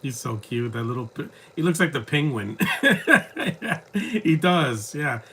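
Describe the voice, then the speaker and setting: A man's voice: medium pitch, expressive, moderate pace, husky. A man giving casual live commentary over a film, with rambling, joking asides. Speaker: movie commentator.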